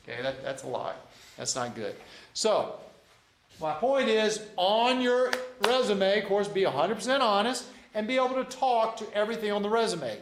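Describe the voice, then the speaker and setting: The sound is reverberant with a bit of hiss or hum, and the man's high voice is animated at a moderate pace. A JROTC instructor in his fifties, he lectures cadets with folksy anecdotes, repeats himself often, and performs snippets of dialogue.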